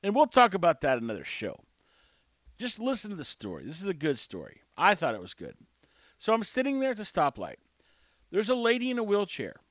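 A man's voice: high voice, huge pitch swings, a little fast, a bit bright, dry recording. A man hosting a show, telling a rambling story in a wry, self-mocking way into a close mic. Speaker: show host. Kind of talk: casual storytelling monologue.

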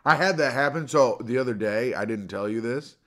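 A young man hosts a loose comedy podcast, talking in a crude, rambling way. His voice sits at an ordinary middle pitch, and he keeps the banter jokey. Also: fairly quick, a bit bright. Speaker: podcast host. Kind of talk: casual comedic chat.

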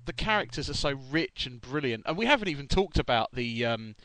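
A man co-hosting a podcast, talking in a loose, rambling way and often stopping to correct himself. His voice sits at an ordinary pitch for a man. The sound is dry and close, with no room echo. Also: sing-song, brisk, fairly bright tone. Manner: chatty, rambling, self-correcting. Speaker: podcast co-host. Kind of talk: casual chat.

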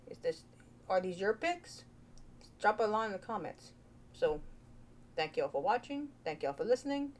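A woman's voice: medium pitch, expressive, normal speed, pauses often, slight background noise. A woman hosting a casual vlog, chatty and playful, thinking aloud into her own microphone. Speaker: vlogger host.

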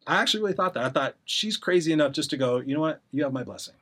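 Husky fast-talking middle-aged man. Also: fairly high pitch, animated, a bit bright. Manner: rambling, acts out quoted voices. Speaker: guest. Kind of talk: casual storytelling interview.

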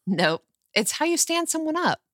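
A woman chatting casually with friends in a blunt, animated way, swearing freely. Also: high-pitched, normal speed, dry recording, clean studio sound. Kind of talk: casual chat.

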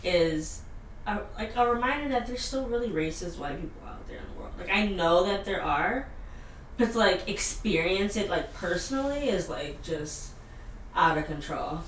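A woman hosting a casual chat, telling a story in an animated way, full of fillers and laughter. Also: mid-range voice, moderate pace, slight background noise. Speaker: podcast host. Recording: echoey room, mic at a distance.

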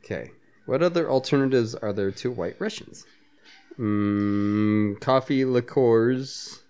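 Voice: mid-range voice, slow pace, dark tone. A podcast co-host who chats casually and jokes while talking through a movie. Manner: joking, laughs often. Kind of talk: casual movie commentary chat.

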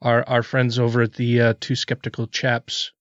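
A man's voice: medium pitch, monotone, moderate pace, no room sound, lo-fi sound. A man co-hosting a podcast in casual chat, joking around and swearing freely. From Wisconsin. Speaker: podcast co-host.

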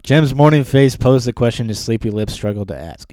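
A man co-hosts a relaxed book chat, his voice sitting in a middle register. He laughs easily and slips into passages read aloud with little voices. The sound is close and dry. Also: medium pitch, fairly quick, hardly any pauses, no room sound. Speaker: podcast co-host. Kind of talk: casual book discussion.

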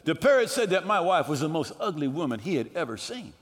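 A male pastor preaching a fervent sermon, rising to shouts at times. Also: a little high, sing-song, fast talker. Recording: echoey hall reverb.

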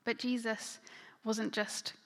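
A woman's voice: on the high side, level tone, slow, a bit bright, long reverb tail. A woman preaching a sermon in a conversational, filler-heavy way, often dropping to a near-whisper. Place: church hall.

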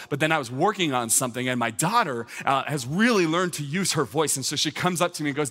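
A man's voice: fairly high pitch, lively intonation, fast, pushed and bright. A male pastor in his thirties preaching a sermon, moving from a family story to fervent, repeated calls to his church. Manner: storytelling, then rising to fervent exhortation. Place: church sanctuary. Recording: long hall reverb.

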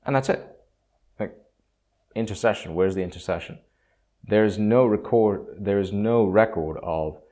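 A man's voice: low voice, darkish tone. A man hosting a solo podcast on theology, talking in a conversational, opinionated way with fillers and asides. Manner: conversational, opinionated, with frequent fillers and acted quotes. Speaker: podcast host.

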